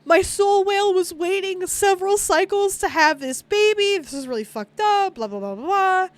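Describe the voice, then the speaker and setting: A woman's voice: high-pitched, sing-song, a little fast, a bit bright, smooth, dry recording. A woman doing a wailing, upset alien mother. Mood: distraught.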